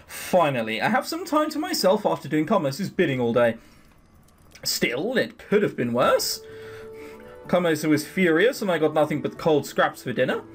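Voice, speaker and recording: A man's voice: fairly high pitch, big pitch swings, moderate pace, soft background music, pitched below the performer's own voice. A man reading a weary young servant girl. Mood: musing. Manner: tired, musing to herself.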